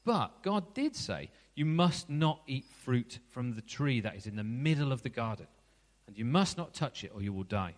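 A man reading the lines of the first woman aloud, pitch raised, with long hall reverb. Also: sing-song, moderate pace, close to an everyday voice. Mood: earnest. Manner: read aloud with a lifted pitch. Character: first woman, caught out and defensive.

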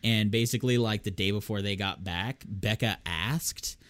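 A man's voice: lowish voice, normal speed, a bit bright. A man in casual chat, rambling through a story about his partner's pregnancy, laughing often and doing his friends' voices. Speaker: expecting father telling a story.

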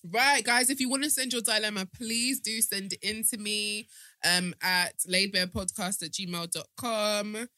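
A British woman hosting a podcast, chatting casually, animated and laughing often, swearing freely. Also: medium pitch, a little slow, dry recording, clean studio sound. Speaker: podcast host. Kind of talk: casual chat.

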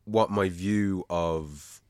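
Brief: a deep, animated male podcast host, eager and casual, dry close sound. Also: very slow, clean tone, no echo. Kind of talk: casual chat.

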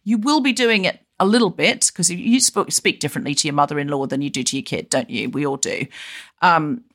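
Brisk woman podcast host. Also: low voice. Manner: brisk, warmly wraps up, plugs the guest's book. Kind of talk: casual remote podcast chat.

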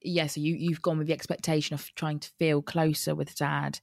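A woman hosting a podcast, supportive and quick to laugh, calling her guest darling. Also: low voice, flat delivery, creaky, no room sound, studio quality. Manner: warm, laughs often, calls guest darling. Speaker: podcast host. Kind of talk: supportive conversational interviewing.

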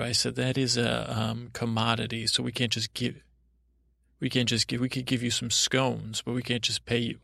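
A man with a heavily gravelly, fry-laden voice drifts through a bedtime story in a near-monotone. He meanders and stumbles through restarts and asides. The sound is close and dry, with no room around it. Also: mid-range voice, no room sound. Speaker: podcast host.

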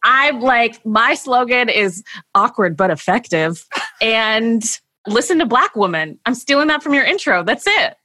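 Bright-voiced Canadian woman, dry close mic. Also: fairly high pitch, animated, normal speed, no echo. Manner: laughing, self-deprecating, talkative. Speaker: senior writer, podcast guest. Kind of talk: casual podcast chat.

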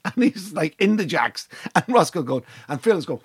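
A man's voice: high voice, normal speed, hardly any pauses, breathy edge. An Irish man telling an anecdote in casual chat, swearing freely and acting out the voices of the people in the story. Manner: animated storyteller, swears often, acts out voices.

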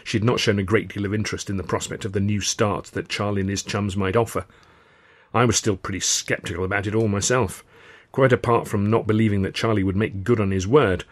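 A man reading his own novel aloud in first person, with wry, measured storytelling. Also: lowish voice. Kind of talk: first-person audiobook narration.

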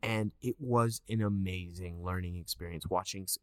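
A man's voice: moderate pace, smooth, no echo, studio quality. A man in his thirties, an actor, chatting casually in an interview and acting out quotes as he tells stories. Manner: animated storyteller, acts out quotes in a higher voice. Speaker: actor guest.

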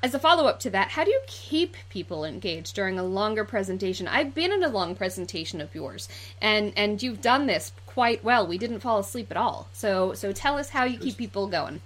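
Animated woman hosting a chat. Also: mid-range voice. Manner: chatty and quick to laugh. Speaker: host. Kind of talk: casual livestream chat.

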